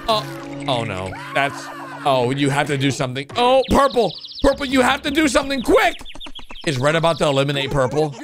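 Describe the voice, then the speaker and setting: Excitable man shouting over cartoons. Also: fairly high pitch, a little fast. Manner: excitable, big jumps into shouts and gasps. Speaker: gaming YouTuber. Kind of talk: reaction commentary on cartoon animations. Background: background music.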